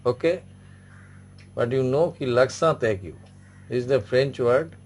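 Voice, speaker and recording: A man's voice: mid-range voice, a little slow, darkish tone. A man teaching an online French class, patiently repeating each word and example several times. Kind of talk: online language lesson.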